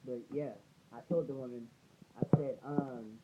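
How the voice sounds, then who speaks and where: A man talks straight to his viewers in loose, slangy casual speech, looping back with friendly check-ins. His voice sits at an ordinary middle pitch. A steady layer of background noise runs under the recording. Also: measured pace, lo-fi sound. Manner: slangy, loose, keeps saying "you feel me". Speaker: vlogger. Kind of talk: casual storytelling vlog. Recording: noisy recording.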